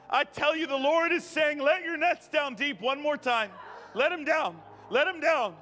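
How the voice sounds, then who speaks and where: Fervent high-voiced preacher man in a hall. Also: measured pace. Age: 30s. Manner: fervent, repeating phrases, rising to shouts. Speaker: guest preacher. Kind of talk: charismatic sermon and prayer. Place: church sanctuary. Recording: long church hall reverb with music.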